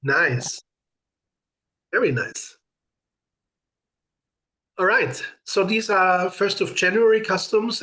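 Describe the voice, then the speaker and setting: Slightly high-voiced male spiritual teacher. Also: fairly bright tone. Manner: earnest and explanatory, with brief laughs; greets viewers by name. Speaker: host of a live ritual session.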